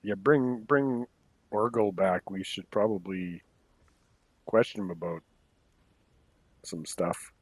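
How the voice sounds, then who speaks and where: A man's voice: deep voice, slow, long pauses, slightly rough, no echo. A man playing a tabletop game, speaking in an easygoing, casual way. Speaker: player. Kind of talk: tabletop game play over voice chat.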